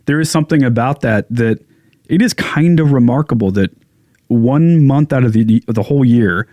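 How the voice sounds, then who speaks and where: A man's voice: mid-range voice, moderate pace, warm tone, dry recording. A young man with a stuffed-up nose, co-hosting a podcast and chatting enthusiastically. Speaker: podcast co-host. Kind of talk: casual chat. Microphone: studio podcast mic.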